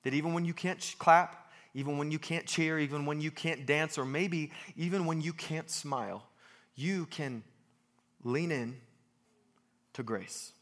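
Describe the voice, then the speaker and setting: A young American pastor preaching a sermon, lively and self-deprecating, repeating phrases for emphasis. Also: male voice, a little high, normal speed.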